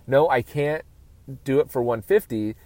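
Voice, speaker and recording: A man's voice: medium pitch, measured pace, warm tone, no echo. A man hosting a podcast, giving casual business advice in a chatty way. He keeps checking in with "right?" and often restarts his sentences. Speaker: podcast host and auto detailer.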